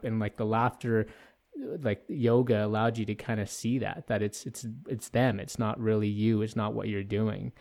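A man's voice: fairly low pitch, darkish tone. A man hosting a casual interview, affirming his guest and rephrasing her points. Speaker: interviewer, host.

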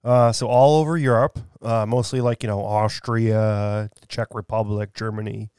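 A man's voice: on the low side, steady tone, moderate pace, darkish tone, clear, resonant tone, dry recording, clean studio sound. A man co-hosting a casual podcast chat, rambling along with lots of filler words as he explains things. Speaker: podcast co-host.

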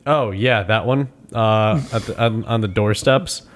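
A man's voice: lowish voice, unhurried. A man co-hosting a casual podcast, recapping a film scene and acting out the characters' lines with lots of swearing. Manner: animated, acts out characters' lines, swears freely. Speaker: podcast co-host. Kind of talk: casual movie recap chat.

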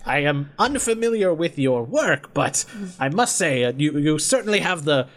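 A man voicing a formal, pompous male inventor in a tabletop game, speaking stiffly and a little haltingly. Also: on the high side, big pitch swings, fairly bright tone. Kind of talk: tabletop role-play character voice.

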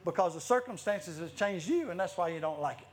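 A man's voice: sits high, animated, a little fast. A man preaching a sermon, telling stories with many restarts and frequent laughter. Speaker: guest preacher. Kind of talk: lively sermon storytelling.

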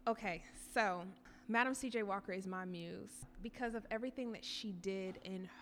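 A woman's voice: medium pitch, moderate pace. A middle-aged woman who owns a coffee shop, talking casually and enthusiastically in an interview. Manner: enthusiastic, expressive. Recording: faint background noise.

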